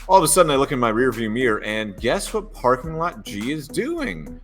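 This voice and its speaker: A man's voice: mid-range voice, brisk, faint music behind. A man co-hosting a sports podcast, telling stories in casual chat and acting out the dialogue. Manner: animated storyteller, acts out dialogue. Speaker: podcast co-host.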